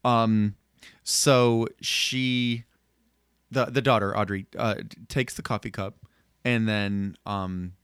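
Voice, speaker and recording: A man co-hosting a casual podcast, easygoing and halting as he recaps a TV episode. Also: fairly low pitch, steady tone, fairly bright tone, clean tone, no echo, clean studio sound. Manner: easygoing, halting, many restarts and ums. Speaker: podcast co-host.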